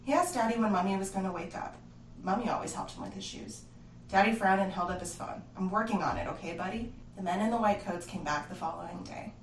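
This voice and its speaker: A woman narrates a creepy horror tale in an expressive, hushed storytelling voice. She sounds roomy and set back from the mic, with faint ambience in the background. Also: medium pitch, quick pace, far from the mic, a little hiss or hum.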